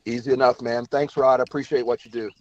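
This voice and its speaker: A man calling into a radio show, hesitant and halting as he speaks. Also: mid-range voice, fairly even intonation, a little mellow. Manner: hesitant, many ums and restarts. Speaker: caller. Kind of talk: phone call into radio show. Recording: dull lo-fi phone line.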